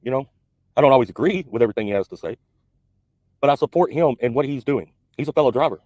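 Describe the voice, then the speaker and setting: Fast-talking, blunt trucker ranting. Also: male voice, medium pitch, expressive, a little mellow, dry recording, highs cut off. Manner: blunt, confrontational. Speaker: truck driver YouTuber. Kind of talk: recorded video rant.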